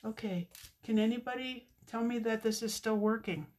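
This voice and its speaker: A woman's voice: a little high, normal speed, darkish tone. A middle-aged woman chatting with viewers while demonstrating card making on a live stream, with muttered asides to herself.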